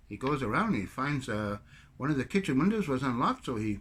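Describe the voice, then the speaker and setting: A man's voice: a little high, lively intonation, quick pace, a bit bright. A man from Canada giving a rambling, sarcastic political rant to camera as a video commentator. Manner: rambling, sarcastic storyteller with mocking put-on French bits.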